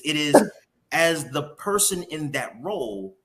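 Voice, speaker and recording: A man's voice: on the high side, sing-song, a little slow, sharp tone. A man hosting a morning show interview who talks candidly and openly emotionally, with some casual swearing.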